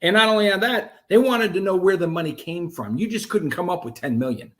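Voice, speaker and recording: A man telling his own story as an interview guest, animated and profane, with many restarts. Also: high voice, fairly quick.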